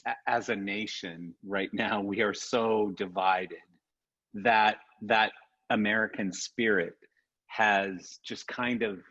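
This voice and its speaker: A man asking questions and pushing back on a casual group call, clearing his throat often. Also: on the low side, steady tone, slow pace, sharp tone. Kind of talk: casual chat. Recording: dull lo-fi call audio.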